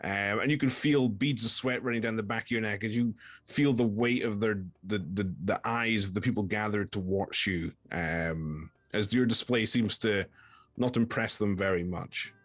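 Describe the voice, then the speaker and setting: A man narrating a tabletop game as dungeon master, in a halting way with many fillers. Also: fairly low pitch, fairly bright tone, no room sound.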